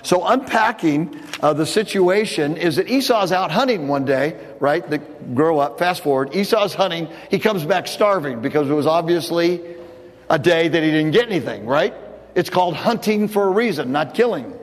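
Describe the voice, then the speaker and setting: A man's voice: on the high side, animated, moderate pace, long reverb tail. A man preaching a sermon, telling a story in a loose, conversational way with frequent restarts. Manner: casual storytelling with repeated restarts. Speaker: pastor.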